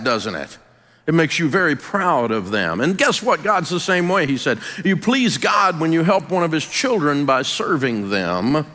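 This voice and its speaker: A man's voice: medium pitch, a bit bright, big-room sound. A man with a Southern US accent hosting a radio show, telling stories in a folksy, emphatic, motivational way. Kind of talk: motivational talk-show monologue.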